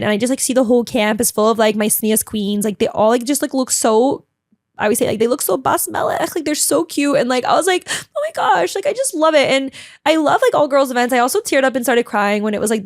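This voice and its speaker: A chatty, dramatic young woman telling a casual vlog story, full of "like" and quick asides. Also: a little high, fairly even intonation, no echo, clean studio sound. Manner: chatty and bubbly, heavy use of "like", dramatic; talks a lot, emotional. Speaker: vlogger.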